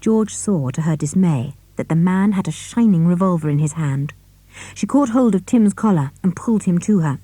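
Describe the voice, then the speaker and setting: Woman reader, expressive storytelling, mellow tone, dry close sound. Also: lowish voice, moderate pace, no echo. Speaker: audiobook reader. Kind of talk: storytelling narration.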